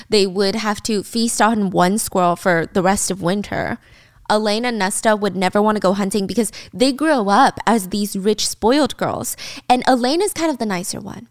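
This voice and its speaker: A woman's voice: mid-range voice, no room sound, clean studio sound. A young woman in casual chat, animatedly retelling a book's plot and slipping into quoted lines. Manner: animated storyteller, slips into character quotes. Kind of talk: casual book recap chat.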